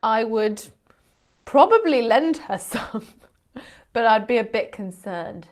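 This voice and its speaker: A woman's voice: a little high, animated, slow. A British woman, an English teacher and channel host, explaining word differences playfully with frequent laughs and teasing asides. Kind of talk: explaining vocabulary to camera.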